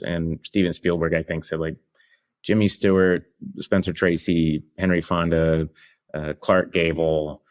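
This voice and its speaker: A man, an actor, chatting in an interview, telling lively stories with quick impressions. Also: low voice. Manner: lively storytelling with impressions and laughs. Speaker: actor guest. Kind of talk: anecdotal interview chat.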